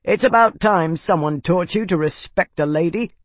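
A man's voice: sits high, dry recording. A man reading an audiobook and voicing a skinny old man who cackles and drags out his words. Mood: gleeful. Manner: cackling, drawn-out delivery. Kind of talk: audiobook character voice.

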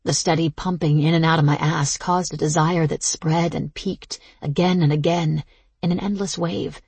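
A woman giving slow, intimate, first-person audiobook narration. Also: low-pitched, steady tone, a little mellow, slightly rough, no echo.

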